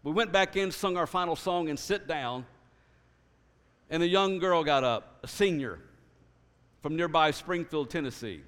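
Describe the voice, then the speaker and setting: A man sharing his personal testimony. He tells it earnestly and in an animated way, often restarting his sentences. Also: fairly high pitch, unhurried, pauses often. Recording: reverberant hall.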